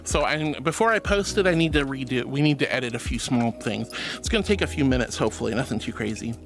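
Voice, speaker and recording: A woman's voice: extremely low pitch, lively intonation, fast talker, soft background music. A woman streamer chatting casually with her viewers, playful and melodramatic, with frequent giggles. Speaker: VTuber streamer. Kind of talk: casual livestream chat reading messages.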